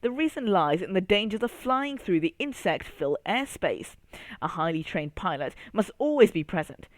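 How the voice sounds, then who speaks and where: A children's radio storyteller reading a fruity adventure aloud. The voice swings lively up and down while addressing the young listener directly, recorded close and dry with no room sound. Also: mid-range voice, no echo.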